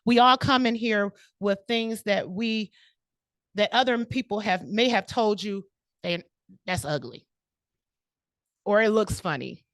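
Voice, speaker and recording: A woman's voice: mid-range voice, measured pace, a bit bright, no echo. A woman giving a prepared, personal speech at a club meeting, laughing often and close to tears. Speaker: club speaker. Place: meeting room.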